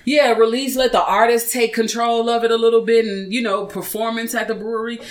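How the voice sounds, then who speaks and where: A podcast speaker with a mid-range voice, chatting casually and telling stories with lively, joking energy. They often laugh while talking. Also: mid-range voice, brisk, low-quality recording. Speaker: podcast participant.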